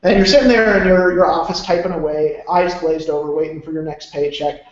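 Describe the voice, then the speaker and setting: Brisk and steady in tone, a male motivational speaker with a fairly high voice rambles on emphatically and swears casually. The audio has heavy echo and a dull, lo-fi room sound.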